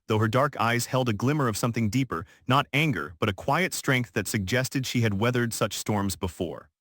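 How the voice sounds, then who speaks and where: A man reading a dramatic story as narrator, in a steady, even storytelling delivery. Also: medium pitch, no room sound, studio quality. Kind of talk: scripted narration.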